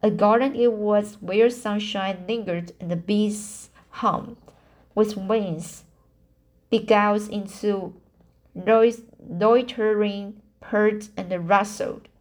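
A woman reading a novel aloud, slow and halting, stumbling and restarting on hard words. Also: mid-range voice, steady tone, darkish tone. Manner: apologizes for mistakes. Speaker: reader. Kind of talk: amateur audiobook reading.

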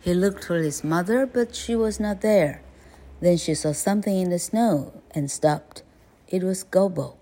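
A woman host narrating a storybook slowly and gently, switching between two languages. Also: on the low side.

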